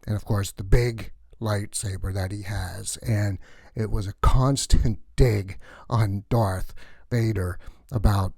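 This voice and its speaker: A man's voice: fairly low pitch, fairly even intonation, takes it slowly, a little mellow, no room sound, studio quality. A man playing a gossipy male cleaner on a space station, rambling through chatty news full of asides in a comic sketch.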